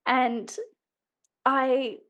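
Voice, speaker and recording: Earnest woman with a high-pitched voice. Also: little pitch movement, extremely slow, a bit bright. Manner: earnest, emotional, self-correcting restarts. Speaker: interview guest. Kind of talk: candid personal storytelling.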